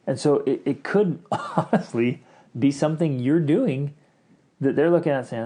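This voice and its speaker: A middle-aged man co-hosting a podcast in casual chat, talking in an animated way and acting out the lines he quotes. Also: fairly high pitch, normal speed. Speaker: podcast co-host.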